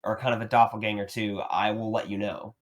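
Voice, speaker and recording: A man's voice: lowish voice, fairly quick. A man in his thirties, a podcast co-host, telling a story in casual chat. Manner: storytelling, animated.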